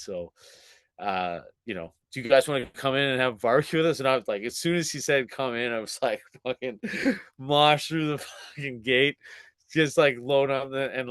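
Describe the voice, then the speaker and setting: A man's voice: medium pitch, a bit bright, clear, resonant tone, dry recording. A man in his forties, a podcast guest telling a story in casual chat, swearing freely, laughing often and acting out what people said. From Canada. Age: 40s.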